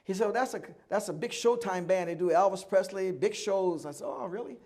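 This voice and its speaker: A man's voice: sits high, a little fast, darkish tone. An older man giving a live oral history talk, telling stories animatedly, acting out other people's lines and laughing often.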